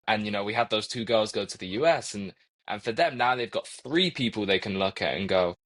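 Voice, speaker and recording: A man's voice: lowish voice, lively intonation, brisk, fairly bright tone. A young man from England with a Coventry accent, a guest in an interview, talking earnestly and often repeating words as he thinks aloud. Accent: Coventry English. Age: young adult. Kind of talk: reflective interview conversation.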